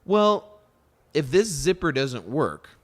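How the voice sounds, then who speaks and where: A man in his thirties hosting a podcast, chatting casually and retelling a story with lively quoted dialogue. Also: fairly high pitch, slow pace. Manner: storytelling, animated retelling of conversations. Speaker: podcast host. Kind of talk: casual chat.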